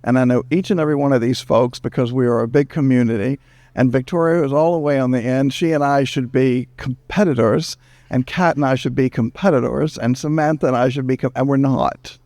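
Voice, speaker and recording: A man from the United States moderating a panel, talking quickly and jokingly into a handheld microphone. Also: medium pitch, dry recording, studio quality. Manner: animated, jokey, fast-talking. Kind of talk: lively panel talk. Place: screening event room.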